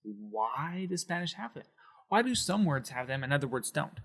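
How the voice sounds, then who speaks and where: A man's voice: on the high side, very animated, moderate pace, fairly bright tone. A man teaching a Spanish lesson on video, explaining with emphasis and sounding out words syllable by syllable.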